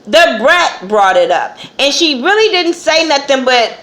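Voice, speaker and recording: A woman's voice: high-pitched, sing-song, unhurried, a bit bright. A woman reviewing a TV episode in a casual vlog, talking bluntly with lots of swearing. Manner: blunt and profane, acts out quotes.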